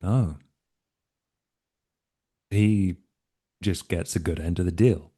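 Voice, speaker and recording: A man with a fairly low voice plays his character in a tabletop game. He talks in an easygoing, offhand way and sounds persuasive without pushing hard. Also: takes it slowly, dark tone, slightly rough. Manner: laid-back, offhand, persuasive. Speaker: player.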